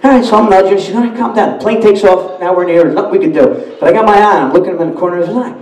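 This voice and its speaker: A man, a party emcee telling a story to the crowd in a brash, animated way. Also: high voice, rapid-fire, far from the mic. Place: banquet hall at a dinner dance. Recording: echoey hall, mic from afar.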